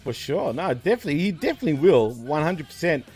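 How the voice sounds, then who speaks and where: An Australian man with a high, light voice hosts a loose, chatty talk show. He laughs easily, swears without thinking about it, and tosses in "man" and "bro" all the time. Faint music plays quietly behind him. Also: sing-song, quick pace, slightly rough. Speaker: co-host. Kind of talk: casual podcast chat.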